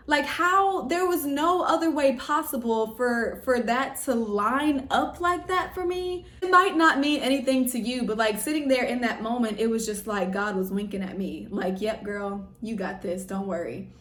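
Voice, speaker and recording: A woman's voice: on the high side, normal speed, hardly any pauses, a bit bright, echoey room, far from the mic. A young woman telling a personal story to camera in an emotional, effusive way, full of "like". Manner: emotional, effusive, heavy use of "like". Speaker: vlogger.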